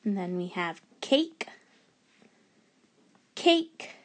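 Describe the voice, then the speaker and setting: A woman's voice: on the high side, animated, takes it slowly. A woman teacher giving a remote phonics lesson to young children, patiently sounding out letters and words.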